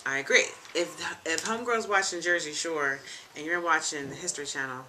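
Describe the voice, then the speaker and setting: The deep, brisk voice of a young woman carries over a noisy background as she hosts her own web show at home. Sitting in a leather chair, she keeps the chat casual, frank and joking, with lots of ums and asides.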